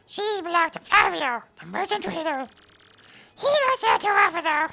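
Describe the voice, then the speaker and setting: Tiny squeaky townsfolk voice, very high, bright, rushed. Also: male voice, very animated, creaky, exaggerated voice. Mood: chattering.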